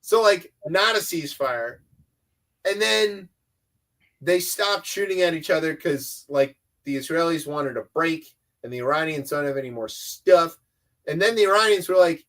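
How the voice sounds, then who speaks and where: High-pitched guy riffing sarcastically on the news, loose rambly comedy chat. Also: moderate pace, fairly bright tone. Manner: sarcastic, rambling, does mocking voices. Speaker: podcast co-host.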